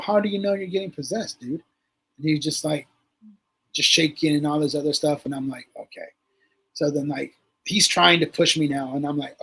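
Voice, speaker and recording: A man's voice: a little high, breathy edge. A man, a guest on a livestream talk show, telling a story casually and acting out what people said, swearing freely. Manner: animated storyteller, acts out quotes, swears freely.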